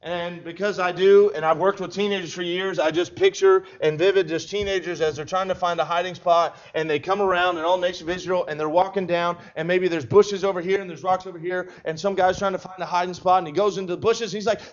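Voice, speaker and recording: High-voiced man preaching a story sermon. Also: brisk. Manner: animated, acts out scenes, many restarts. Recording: dull lo-fi recording.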